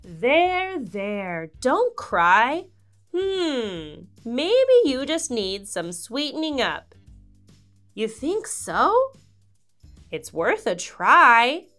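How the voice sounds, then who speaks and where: Slow, teasing fox for a kids' storybook, as a woman puts him on, lower than her own voice. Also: huge pitch swings, sharp tone, soft background music, full character voice. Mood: soothing. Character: sly friendly fox, grown male, easygoing.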